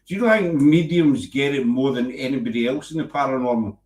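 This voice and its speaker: A man's voice: medium pitch, brisk, darkish tone, echoey room. A Scottish man hosting a casual show, teasing his guest and joking as he rambles. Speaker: host. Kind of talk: casual banter on a web show.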